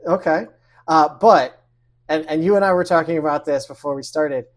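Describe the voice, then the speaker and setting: Podcast host, mid-pitch voice, reads the intro then just chats and asks stuff. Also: normal speed. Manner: reads a scripted intro, then asks loose, chatty questions. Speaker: show host. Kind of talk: podcast interview hosting.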